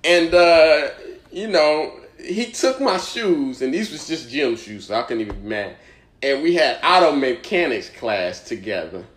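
A man's voice: fairly high pitch, measured pace, echoey room. A young man, a comedian, telling a story in casual chat and acting out the voices in it. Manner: animated storyteller, acts out voices in his stories. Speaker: comedian and podcast host.

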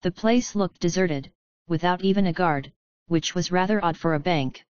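A woman narrating a book chapter in a calm, measured storytelling manner. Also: fairly low pitch, no echo, lo-fi sound. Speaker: audiobook narrator. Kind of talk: scripted narration.

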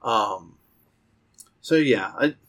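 A man's voice: medium pitch, expressive, extremely slow, a bit bright. A man co-hosting a podcast, talking casually and rambling with plenty of fillers and restarts. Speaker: podcast co-host. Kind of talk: casual chat about card games.

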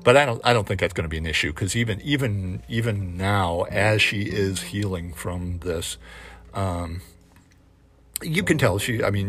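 A man speaking in a personal reflective monologue, halting and hesitant with many fillers, candid and casually swearing. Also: low-pitched, fairly bright tone.

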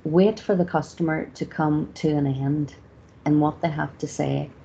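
A woman's voice: sits low, steady tone, a little slow, creaky, warm tone. A woman leading a customer service training session, talking informally with plenty of "you know" and "sort of". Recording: slightly dull lo-fi recording with faint background noise.

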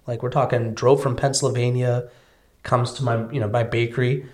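A man's voice: medium pitch, normal speed. A man, a bakery owner, chatting casually on a podcast and acting out the people in his stories. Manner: animated storyteller, acts out quoted people. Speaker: guest, bakery and edible business owner.

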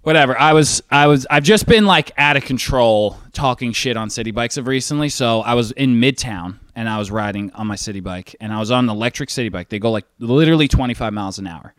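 A young man telling a profane, animated story in casual chat. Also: medium pitch, fast, hardly any pauses, smooth, dry recording, clean studio sound. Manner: profane, animated storytelling, says dude a lot.

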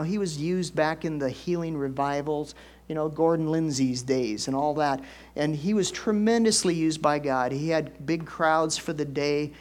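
A middle-aged man preaching a conversational sermon as pastor, folksy and chatty, jumping up into excited bursts and dropping into soft asides. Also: a little high.

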